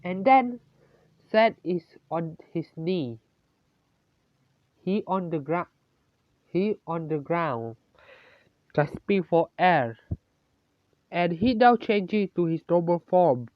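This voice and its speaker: A narrator improvising a fan story aloud in a halting way, often stopping to correct themselves mid-sentence. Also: medium pitch, expressive, dry recording, lo-fi sound.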